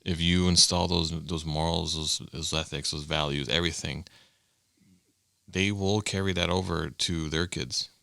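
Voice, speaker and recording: Man, co-host, very deep voice, gravelly fry, bright edge, dry close mic. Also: steady tone, moderate pace, no echo. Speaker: podcast co-host, military veteran. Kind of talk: casual chat.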